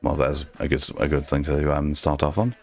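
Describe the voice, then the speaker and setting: A man streaming his art, talking softly in an ASMR-style murmur right on a close microphone, rambling to himself as he draws. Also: rumbling low, level tone, moderate pace, vocal fry. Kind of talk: soft ASMR-style stream chat while drawing. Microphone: very close desk microphone. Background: faint background music.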